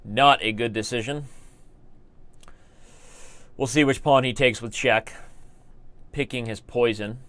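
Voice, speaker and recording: A man's voice: medium pitch, fairly even intonation, slow, long pauses, a bit bright. An American man commentating his live online chess games, joking and rambling as he talks to viewers in the chat. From United States.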